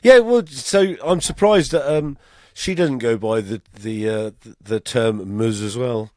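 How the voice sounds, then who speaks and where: A man's voice: medium pitch, a little slow, darkish tone, no echo, clean studio sound. Laid-back British man co-hosting. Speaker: podcast co-host. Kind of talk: casual chat.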